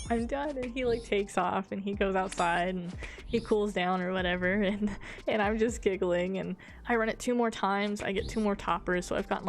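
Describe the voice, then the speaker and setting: A woman streamer casually telling a funny gaming story, giggling often, swearing, and quoting a friend's lines. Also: mid-range voice. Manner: giggly, swearing, animated retelling with quoted dialogue.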